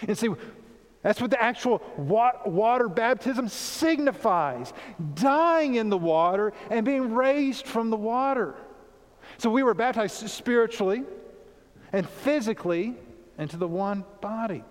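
A pastor preaching a sermon in earnest, emphatic tones, repeating key points for weight. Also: male voice, high voice, expressive, measured pace, big-room sound.

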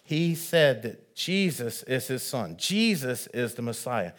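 Slow, earnest preacher man. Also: mid-range voice, big pitch swings. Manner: measured and earnest, swelling louder on key phrases. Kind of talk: sermon.

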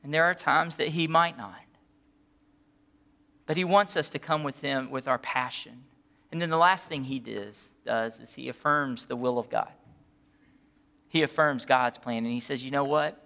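A man preaching a sermon as a pastor, earnest and pleading, moving between quiet, soft passages and impassioned ones. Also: medium pitch, normal speed, gravelly, long pauses.

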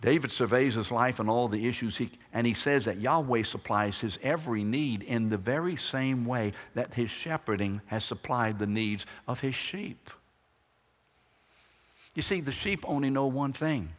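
Preacher in a reverberant hall. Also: male voice, mid-range voice, animated, normal speed. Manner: dynamic, swings from loud emphatic to hushed. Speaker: pastor. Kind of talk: sermon.

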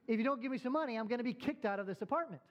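A man's voice: sits high, brisk, lo-fi sound, close to an everyday voice. A preacher voicing a broke, frustrated young man who pleads in an agitated, raised voice. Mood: desperate.

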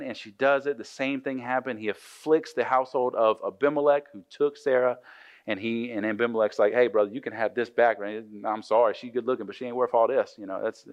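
A man preaching a casual sermon, retelling scripture in a joking, conversational way with frequent restarts. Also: mid-range voice.

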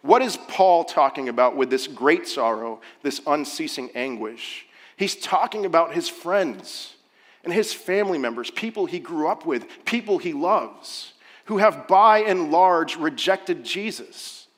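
A man's voice: on the high side, animated, unhurried, fairly bright tone. Earnest male pastor in echoing church. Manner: earnest preaching, rising to urgent emphasis. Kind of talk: sermon. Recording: long hall reverb.

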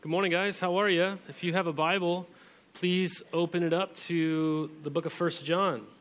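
A man's voice: high voice, steady tone, normal speed, a bit bright. A man in his thirties, a pastor giving a sermon in a church, talking in a casual, chatty way with many fillers.

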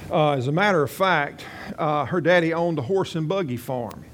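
A man's voice: fairly high pitch, animated, moderate pace, fairly bright tone, a little hiss or hum. A man preaching a sermon in a folksy, conversational way, with storytelling and rambling asides. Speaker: pastor.

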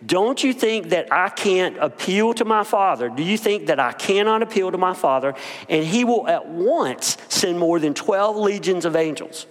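A man's voice: sits high, animated, normal speed, long reverb tail. A male pastor preaching a conversational sermon, with fillers and casual asides between scripture readings.

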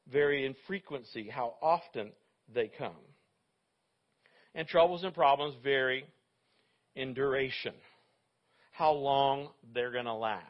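A male pastor preaching a sermon in a conversational way, with joking asides to his congregation. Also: fairly high pitch. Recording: dull lo-fi recording.

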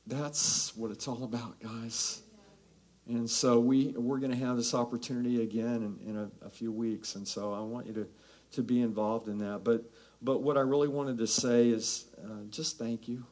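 A man's voice: mid-range voice, steady tone, normal speed, darkish tone. A man making an earnest church announcement, thanking the congregation for their giving. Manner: earnest, grateful.

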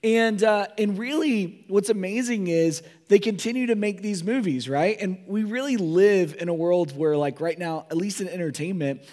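A man pastor giving a sermon with a hoarse voice from a cold, talking in a casual, joking way with many fillers and asides. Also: sits high, moderate pace, few pauses, darkish tone.

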